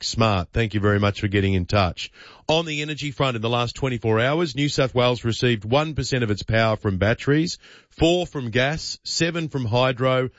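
A man's voice: medium pitch, no echo, muffled recording. An Australian man hosting a breakfast radio show, delivering opinion commentary with punchy, emphatic rhetoric. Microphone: studio microphone.

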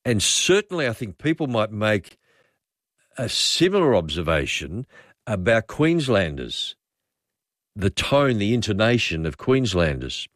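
An Australian man hosts a talkback radio show in a relaxed, rambling way. His voice sits low but moves a lot in pitch. The sound is dry and close. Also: measured pace, no room sound. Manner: rambling, relaxed, reads listener messages aloud. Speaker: radio host. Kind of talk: casual talkback radio chat.

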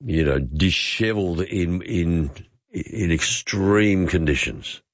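A man's voice: low-pitched, slow, no room sound, muffled recording. A man hosting a call-in radio show, chatting easily with callers. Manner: easygoing, chatty, responds briefly between callers. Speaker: talk radio host.

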